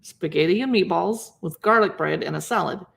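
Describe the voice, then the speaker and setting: A woman's voice: on the low side, normal speed, creaky. A woman in her fifties hosts a casual livestream, chatting as she pages through a cookbook, reading recipe names aloud and greeting viewers. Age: 50s. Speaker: livestream host.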